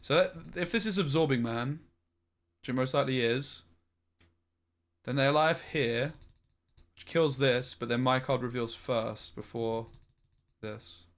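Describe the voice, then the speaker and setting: A man's voice: mid-range voice, unhurried, long pauses. A man streaming a card game, thinking aloud in a frustrated way and swearing often. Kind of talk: live-streamed gameplay commentary.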